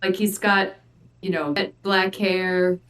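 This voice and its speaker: A woman's voice: mid-range voice, steady tone, takes it slowly, a bit bright, distant mic. A woman playing in a tabletop game, describing her action casually with lots of "like". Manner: casual, trailing "like" as she describes. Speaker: player.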